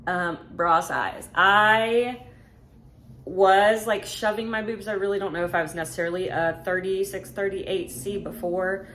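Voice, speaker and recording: A woman's voice: medium pitch, fairly even intonation, a little slow, a bit bright. A woman, talking casually through a Q&A vlog, frank and full of fillers. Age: 20s. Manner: chatty, filler-heavy, frank. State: slightly out of breath. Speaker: vlogger.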